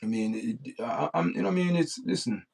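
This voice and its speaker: A man's voice: medium pitch, lively intonation, fairly quick, gravelly, darkish tone, breathy edge. A man hosting a livestream, talking off the cuff in a blunt, repetitive rant that circles back on the same points. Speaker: livestream host. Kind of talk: unscripted livestream monologue.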